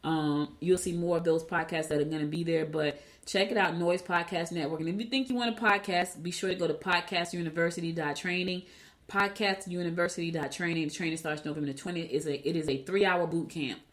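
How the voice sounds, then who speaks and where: A woman's voice: lowish voice, steady tone, brisk. Chatty woman podcast host. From New Jersey. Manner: chatty, repeats herself, retells dialogue. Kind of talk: casual solo podcast talk.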